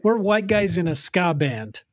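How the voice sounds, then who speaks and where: A middle-aged man co-hosts a podcast, telling stories with animation and teasing his partner. His voice sits a little high for a man. The recording is dry and close. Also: no room sound. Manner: animated storyteller, quick to laugh and tease. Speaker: podcast co-host. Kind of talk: casual chat.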